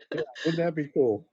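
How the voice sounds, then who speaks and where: Low, husky-voiced woman co-host. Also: a little mellow, dry recording, highs cut off. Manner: short supportive replies and laughter. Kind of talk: casual live-stream chat.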